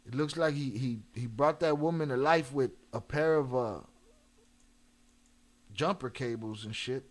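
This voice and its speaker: A man's voice: mid-range voice, a little slow. A man hosting a casual live stream, talking loosely in slang and reading chat messages aloud. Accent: Chicago. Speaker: livestream host reacting to videos.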